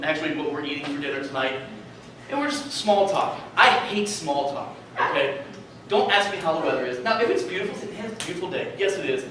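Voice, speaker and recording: A man in his thirties giving a youth retreat sermon, telling personal stories in a conversational, animated way. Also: high-pitched, a little hiss or hum. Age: 30s. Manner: storytelling, conversational, animated asides. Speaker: youth speaker. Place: large hall at a retreat. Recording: echoey hall, voice from a distance.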